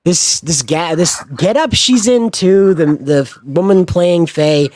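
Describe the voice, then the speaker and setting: A man's voice: high voice, lively intonation, a little slow, darkish tone, no echo, studio quality. A man hosting a livestream, ranting in a sarcastic, sweary, exasperated way. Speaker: livestream host. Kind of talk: casual ranting stream commentary.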